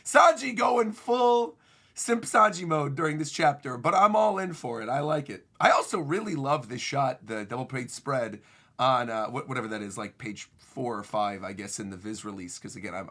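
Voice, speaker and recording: A man streaming a casual manga reaction, excited and often laughing as he reads lines aloud. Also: medium pitch.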